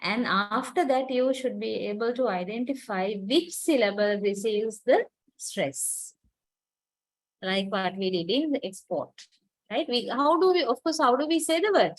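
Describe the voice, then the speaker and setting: Patient woman lecturer, fairly high voice. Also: animated, unhurried, poor audio. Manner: explains patiently, questions students, many fillers. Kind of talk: university lecture.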